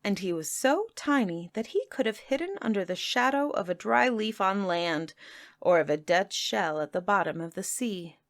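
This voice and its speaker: A woman podcast host reading children's stories aloud in a measured narration. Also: mid-range voice, expressive, fairly bright tone. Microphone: close home-studio mic.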